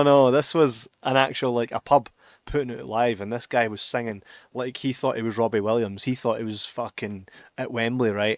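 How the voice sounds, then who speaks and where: A man's voice: medium pitch, no room sound. A Scottish man in loose podcast banter, cursing casually and breaking into laughter. His voice sits in a middle register, recorded dry and close with no room around it. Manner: sweary, laughs often, drops to a mutter. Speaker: podcast co-host.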